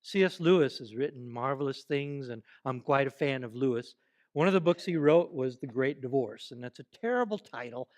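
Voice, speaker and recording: A man preaching a sermon at a church service, animated and playful, leading the congregation in call-and-response exercises. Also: medium pitch, moderate pace. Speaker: pastor.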